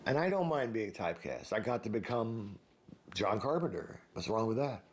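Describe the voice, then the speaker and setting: A man's voice: on the low side, animated, moderate pace, a little hiss or hum. A man, a film director, speaking bluntly and matter-of-factly in a documentary interview.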